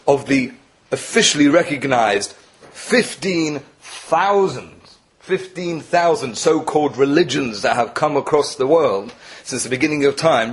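A man giving a Torah lecture with stories, animated and emphatic, often repeating himself and rising to sharp peaks. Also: medium pitch. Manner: animated, rising emphatic peaks, mixes Yiddish and Hebrew terms; frequent self-repetition and restarts. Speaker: Torah teacher.

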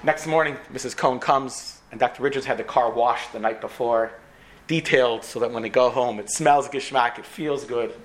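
A man's voice: medium pitch, normal speed. A man with an American accent telling a story to students, acting out the characters. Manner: animated, acts out characters. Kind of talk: storytelling talk.

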